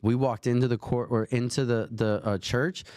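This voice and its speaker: A man's voice: medium pitch, fairly even intonation, normal speed, a little mellow, clean tone, no room sound, clean studio sound. A man in his forties telling a rambling, earnest faith story in casual conversation as a host. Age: 40s.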